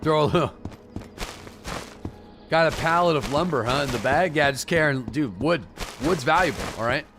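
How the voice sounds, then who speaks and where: A man's voice: on the high side, animated, moderate pace, long pauses, noisy background. A man streaming a game, casually chatting with a co-op partner, swearing and thinking aloud. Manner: laid-back, profane, thinking aloud. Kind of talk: casual gaming chat with a co-op partner.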